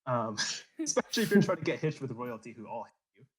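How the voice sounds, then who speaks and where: Animated man telling history with jokes. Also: mid-range voice, fast, a crowd in the background. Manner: lively storytelling with comic character voices and laughs. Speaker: podcast host narrating history. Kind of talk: casual history podcast chat.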